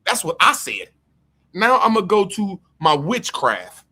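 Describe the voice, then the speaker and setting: Laughing, lively-voiced man on a livestream. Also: high voice, a little slow, gravelly, husky. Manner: loose, profane, laughing, thinking out loud. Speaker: livestream host. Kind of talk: casual livestream chat, reading aloud from the screen.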